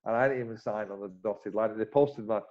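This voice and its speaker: A man, a former cricketer as interview guest, telling animated stories with many restarts. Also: on the low side, brisk, soft background music. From Bolton, northern England. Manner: animated anecdotes, frequent restarts, acts out dialogue. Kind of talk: casual interview storytelling. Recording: slightly muffled recording.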